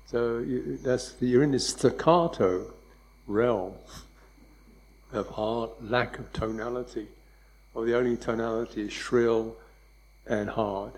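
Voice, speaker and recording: A man teaching meditation in a loose, conversational dharma talk, wry and quick to laugh, checking in with "yeah?". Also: medium pitch, steady tone, a little mellow, poor audio. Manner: wry, laughs often, mimics hurried speech and beeps.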